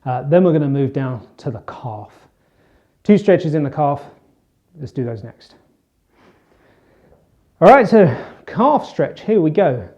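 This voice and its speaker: A man with a slightly high, mellow voice coaches viewers through stretches in a relaxed, chatty way. He talks as he demonstrates each move. The recording sounds dull and lo-fi. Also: unhurried, long pauses. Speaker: fitness coach. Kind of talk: instructional demonstration.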